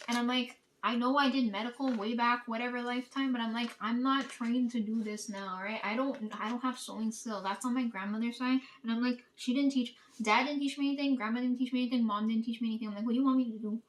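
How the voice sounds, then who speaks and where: Vlogger, female, a touch higher pitched, loose and profane storyteller who keeps checking in with "right?". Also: fairly even intonation, fast talker, hardly any pauses. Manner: profane, rambling, peppered with "like" and "right?". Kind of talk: casual storytelling.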